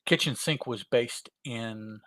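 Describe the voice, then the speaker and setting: A man co-hosting a podcast, rambling and hesitant, with a bright, forceful tone. The sound is dry and close to the mic. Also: medium pitch, slow, no echo. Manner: rambling, hesitant, many fillers and restarts. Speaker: podcast co-host. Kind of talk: casual podcast chat.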